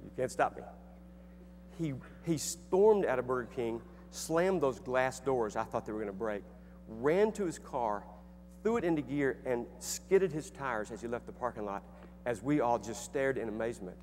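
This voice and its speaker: A middle-aged man tells a personal story to an audience, earnest and conversational, stumbling over a word now and then. His mid-pitched voice echoes around a hall with long reverb. A faint hum sits behind him. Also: lively intonation, moderate pace, darkish tone. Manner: conversational, earnest, with restarts and fillers. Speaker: speaker and author.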